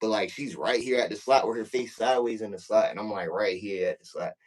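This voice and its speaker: A man's voice: fairly low pitch, a little fast. A man telling a prison story in casual, profane talk, acting out the voices in the quotes.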